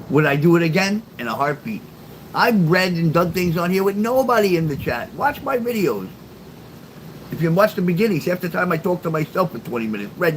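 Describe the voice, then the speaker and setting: A man's voice: a little high, poor audio. A middle-aged man chatting casually on a late-night livestream, answering viewers by name, swearing freely in a sarcastic, rambling way. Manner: talks back to chat, profane and sarcastic. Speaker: live streamer. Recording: steady background noise.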